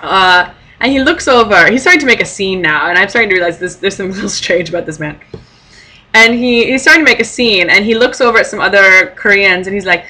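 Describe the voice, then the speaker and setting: A young woman chats to her camera, telling stories in a loose, rambling way. Her voice is bright and lively, peppered with ums, likes and little laughs. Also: medium pitch, quick pace, rough recording. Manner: giggly, lots of fillers and laughing asides. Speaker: vlogger. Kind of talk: casual storytelling to camera.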